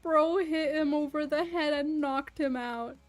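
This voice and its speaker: A young woman livestreaming, telling a rambling, animated story full of fillers, swearing and laughter. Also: high-pitched, measured pace, faint music behind. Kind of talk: casual storytelling chat.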